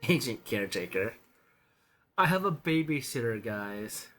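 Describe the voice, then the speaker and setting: A man streaming a video game, chatting casually and rambling, often halting to repeat his words. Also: medium pitch, very animated, a bit bright, soft background music. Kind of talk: casual gaming stream chat.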